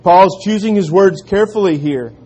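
Earnest high-voiced preaching man. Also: normal speed. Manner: earnest preaching, dropping to quiet emphatic lines. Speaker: pastor. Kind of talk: sermon.

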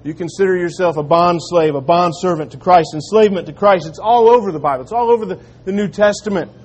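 Earnest high-voiced preaching man. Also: fast, husky. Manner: earnest preaching, dropping to quiet emphatic lines. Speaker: pastor. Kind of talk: sermon.

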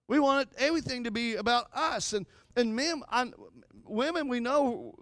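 Male pastor, middle-aged, high voice, fervent sermon, dry close sound. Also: animated, normal speed, fairly bright tone, dry recording. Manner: impassioned preaching, rising and falling emphasis.

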